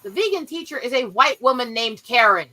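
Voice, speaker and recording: A woman in casual commentary chat, blunt and animated, swearing freely and mimicking people as she retells stories. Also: a little high, fairly quick, poor audio.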